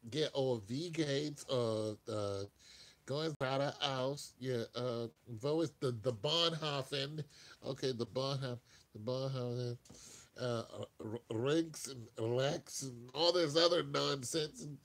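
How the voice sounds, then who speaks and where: A man's voice: mid-range voice, slow pace, a bit bright. A man hosting a casual live-stream chat, telling rambling stories and laughing often.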